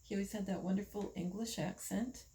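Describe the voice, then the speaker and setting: An older woman from the United States, talking slowly in a casual monologue, musing with pauses and fillers. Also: medium pitch, fairly even intonation, warm tone, poor audio. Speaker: vlogger.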